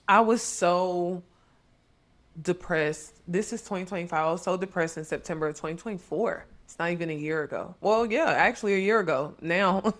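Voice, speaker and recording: Female therapist-host, lower register; earnest, heartfelt conversational delivery. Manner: earnest, conversational, addresses listeners as y'all. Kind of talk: heartfelt podcast talk.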